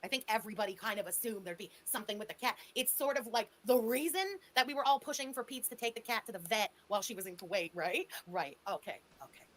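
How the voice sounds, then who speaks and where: A woman's voice: medium pitch, expressive, fast, few pauses, a bit bright. A woman hosting a commentary show, reacting to a clip with sarcastic, incredulous remarks. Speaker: host, commentary channel.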